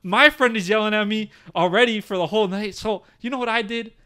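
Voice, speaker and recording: A young man with a smooth, clear voice, chatting as a podcast co-host. He tells his stories in an animated, rambling way, leaning on filler words, and his voice sits a bit above the usual for a man. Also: sits high, brisk. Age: young adult. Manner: animated storytelling, heavy use of "like" and "bro". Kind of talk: casual chat. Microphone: studio podcast mic, seated.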